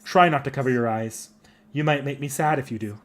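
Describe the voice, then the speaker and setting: A man speaks as a reserved woman warrior from a video game. The delivery stays quiet and restrained, with a cold menace underneath. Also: brisk, natural voice. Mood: cold, wistful. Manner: subdued, cold, low-key threatening. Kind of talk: voicing game dialogue aloud.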